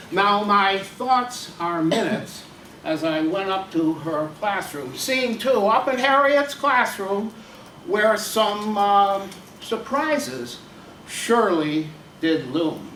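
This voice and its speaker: A man, a teacher and playwright, performing a solo stage monologue with halting speech full of fillers. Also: high voice, a bit bright, slight background noise. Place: stage in a theater. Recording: echoey room, distant mic, faint ambience.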